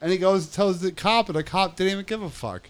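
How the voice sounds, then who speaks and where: Talking fairly fast in a high, clear and resonant voice, a young man recounts a story in casual conversation. He's profane and rambling, re-enacting the dialogue of others.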